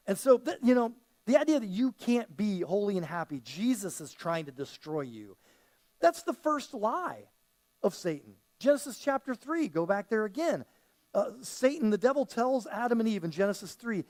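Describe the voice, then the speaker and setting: Guy preaching in church, high voice, super lively, talks casual and repeats himself a lot. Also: normal speed. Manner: conversational, animated preaching with repetitions and quoted voices. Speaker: pastor. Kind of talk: sermon. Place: church sanctuary.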